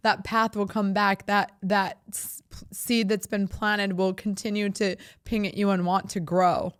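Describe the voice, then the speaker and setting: Slow, heartfelt woman podcast host. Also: medium pitch, no echo, clean studio sound. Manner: heartfelt, emotional, laughs often. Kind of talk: personal reflective monologue.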